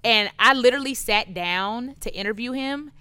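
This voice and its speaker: A woman guest in a casual interview, telling animated stories and acting out what people said. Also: a little high, normal speed, clear, resonant tone, no room sound. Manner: animated storyteller, acts out quotes.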